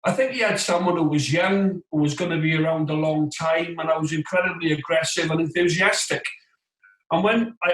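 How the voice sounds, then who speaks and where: Animated storytelling man, roomy sound. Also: fairly high pitch. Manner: animated, tells stories with lively quoted voices. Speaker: guest, former footballer. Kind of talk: casual interview storytelling. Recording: roomy echoey room sound.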